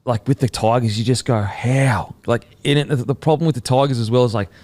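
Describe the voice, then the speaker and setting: A man with an Australian accent hosting a casual sports podcast, animated and swearing, full of fillers. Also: medium pitch, fast. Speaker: podcast host.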